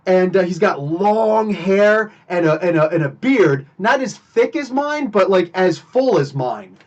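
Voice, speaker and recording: Host, male, higher register than most men, animated and emphatic in an offhand live-stream storytelling style. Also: a little slow, dull audio. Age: adult, married. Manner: animated, emphatic retelling of a confrontation. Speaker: podcast host.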